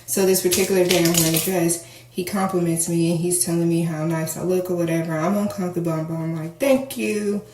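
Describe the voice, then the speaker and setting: A woman casually telling a personal story to her viewers, candid and animated as she acts out the dialogue. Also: fairly low pitch, quick pace. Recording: echoey room, faint noise.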